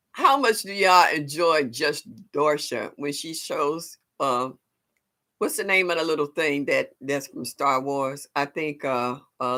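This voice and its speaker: An older woman, hosting a casual live stream and chatting with her viewers. She laughs often, and her voice leaps high whenever she greets someone. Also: bright, forceful tone. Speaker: livestream host.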